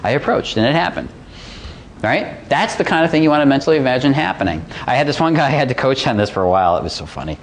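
A man's voice: medium pitch, sing-song, fast talker. Man, dating coach, blunt, casual, guided visualization, faint background noise. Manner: coaching, blunt, acts out inner voices. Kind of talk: guided visualization seminar talk.

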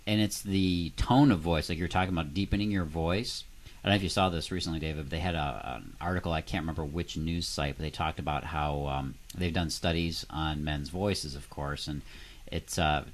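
A man co-hosting a podcast in casual chat, talking with a few halting fillers. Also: very deep voice. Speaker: podcast co-host.

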